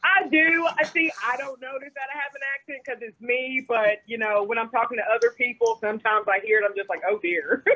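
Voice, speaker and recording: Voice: mid-range voice, fairly even intonation, fast talker, few pauses, bright, forceful tone. A caller with a Kentucky accent speaks hesitantly, leaning on fillers and little giggles. The voice comes through a muffled, dull-sounding phone line. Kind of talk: casual phone chat.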